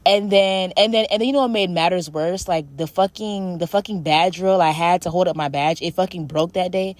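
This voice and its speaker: A woman's voice: fairly low pitch, a little fast, no room sound. A young woman venting to her camera in a casual, profane rant, full of "like" fillers. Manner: profane, ranting, frequent "like" fillers. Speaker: vlogger.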